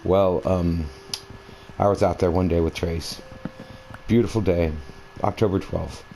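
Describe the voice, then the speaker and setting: Low, dark-voiced man telling a long story. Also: fairly even intonation, measured pace, creaky, a little hiss or hum, rough recording. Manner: meandering, conversational, many fillers and restarts. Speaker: gaming video creator. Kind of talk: rambling personal storytelling over gameplay. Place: at home, playing a console game.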